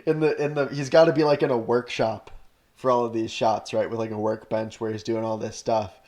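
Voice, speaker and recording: A man's voice: mid-range voice, level tone, brisk, darkish tone. A man co-hosting a podcast in casual chat, rambling through ideas with lots of "like" and restarts. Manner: rambling, full of "like" and restarts, laughs often. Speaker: podcast co-host.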